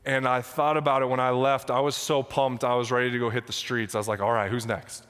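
A man's voice: medium pitch, little pitch movement, fast, fairly bright tone, clean tone. Young male pastor, passionate sermon and prayer, on the verge of tears, recorded in a reverberant sanctuary. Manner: passionate, emotional, near tears. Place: church sanctuary. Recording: long hall reverb.

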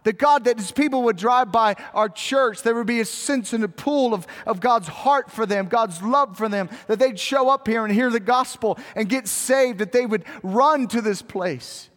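High-voiced pastor in reverberant hall. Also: male voice, normal speed, few pauses, a bit bright. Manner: conversational and self-deprecating, building to fervent appeals. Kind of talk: sermon. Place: church sanctuary. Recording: long reverb of a large hall.

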